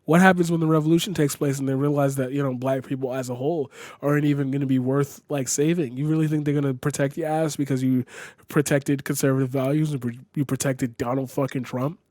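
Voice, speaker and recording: A man's voice: mid-range voice, little pitch movement, fast, a little mellow, dry recording, clean studio sound. A man live streaming a reaction to a video, ranting angrily and swearing often, repeating himself as he vents. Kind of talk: angry reaction commentary.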